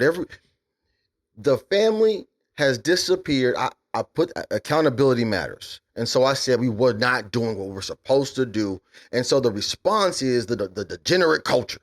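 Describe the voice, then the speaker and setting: A blunt American man co-hosting a casual podcast talk. He speaks at a middle pitch, preachy and emphatic, swearing freely and pushing his voice up as he drives a point home. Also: lively intonation, normal speed. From USA. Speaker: podcast co-host.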